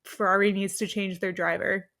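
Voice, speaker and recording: A woman's voice: medium pitch, level tone, moderate pace, creaky, a bit bright. A young woman co-hosting a casual racing recap, laughing often and joking as she talks. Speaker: podcast co-host. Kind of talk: casual sports recap chat.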